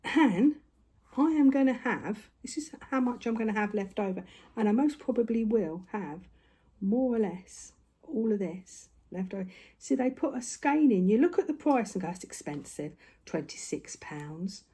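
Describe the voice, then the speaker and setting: An older woman running a craft vlog talks casually to camera from a room at home. Her fairly high voice is animated and mellow with a breathy edge, moving at a moderate pace, and she rambles a bit breathlessly with many tag questions.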